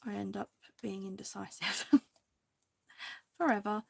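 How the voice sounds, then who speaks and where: A woman hosting a crafting video, chatting casually and indecisively to viewers, now and then dropping into soft half-whispered asides. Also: mid-range voice, fairly even intonation, takes it slowly, vocal fry, husky, no room sound.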